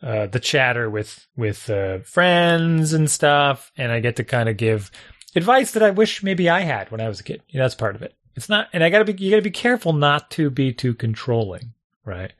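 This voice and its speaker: A middle-aged man and youth soccer coach chatting casually, with dry, deadpan humor. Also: medium pitch, moderate pace. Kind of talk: casual chat.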